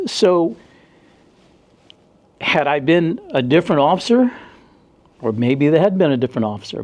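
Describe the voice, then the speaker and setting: A middle-aged man from the United States, a former cop, tells stories in a casual interview. His voice is mellow and sits a little high for a man. He acts out the other people in the story. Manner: animated storyteller, acts out dialogue in a raised voice. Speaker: former police officer.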